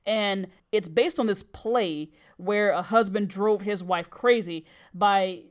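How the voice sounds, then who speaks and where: A woman's voice: medium pitch, slow. A middle-aged woman hosting a podcast, telling a personal story in an earnest, emphatic way. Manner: earnest and emphatic, with brief laughs.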